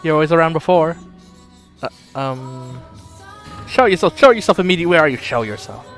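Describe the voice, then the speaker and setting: A man's voice: medium pitch, unhurried, soft background music, lightly acted. A man voicing a tormented man who has become a beast, frantic and stammering. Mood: panicked. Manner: frantic, stammering, breaking into shouts. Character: tormented man turned beast, desperate and unhinged.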